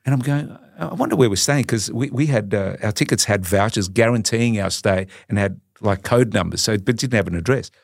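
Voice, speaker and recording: An Australian man in his sixties, a podcast guest telling stories in a lively, animated way. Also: lowish voice, normal speed, hardly any pauses, no room sound, studio quality. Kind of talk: casual storytelling.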